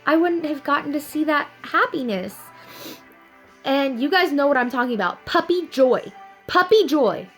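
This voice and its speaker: A young woman talking earnestly and upbeat to her viewers in a casual inspirational vlog, telling a story with animated ups and downs. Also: high voice, normal speed, faint music behind, low-quality recording. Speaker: vlogger.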